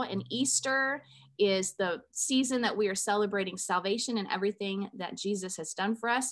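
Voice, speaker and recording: A woman's voice: on the high side, fairly bright tone. Upbeat woman hosting a faith podcast. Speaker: podcast host. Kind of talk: faith podcast intro and interview.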